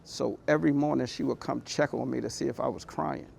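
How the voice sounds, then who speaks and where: A man's voice: medium pitch, fairly even intonation, a little fast, vocal fry, a little mellow, slight background noise. A man giving a motivational talk, telling his personal story in a candid, conversational, heartfelt way. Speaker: motivational speaker.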